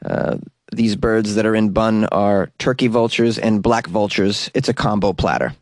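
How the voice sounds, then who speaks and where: A man's voice: lowish voice, moderate pace, no room sound, clean studio sound. A man hosting a comedic news segment, reading stories and riffing sarcastically with asides.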